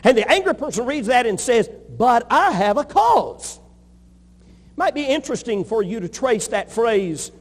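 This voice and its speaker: Male pastor, high voice, emphatic repetitive preaching, long hall reverb. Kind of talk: sermon.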